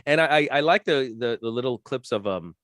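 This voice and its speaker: A man co-hosting a podcast, excitable and often repeating words as he talks. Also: medium pitch, fairly quick, no echo, clean studio sound. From Los Angeles area. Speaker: podcast co-host. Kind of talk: casual podcast chat.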